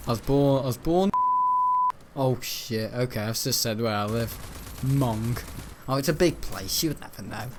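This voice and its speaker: Brief: man, gameplay commentary, giggly and rambling, mid-pitched voice. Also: normal speed, background noise. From north-west England. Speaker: gaming channel host.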